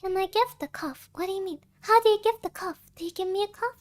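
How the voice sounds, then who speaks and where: A woman's voice: extremely high pitch, fast talker. A young adult woman chatting playfully on a stream, giggling often and switching between Japanese and English. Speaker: vtuber streamer. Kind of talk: casual chat on a stream collab.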